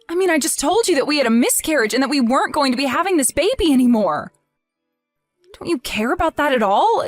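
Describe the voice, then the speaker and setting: Woman doing upset young wife, high-pitched, pleading, faint music behind. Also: dry recording. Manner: emotional, pleading, halting restarts. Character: young wife grieving, hurt and indignant. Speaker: voice actor in a text story drama. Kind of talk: dramatized text-message story.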